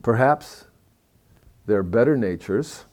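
A man telling a story in a talk, moving between hushed, somber passages and lively, excited stretches. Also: mid-range voice, slow pace.

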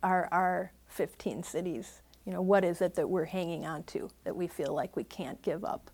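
A woman's voice: fairly low pitch, fairly even intonation, normal speed, a little mellow, slightly rough. A woman meditation teacher giving a dharma talk and answering questions, thoughtful and hedging, laughing easily.

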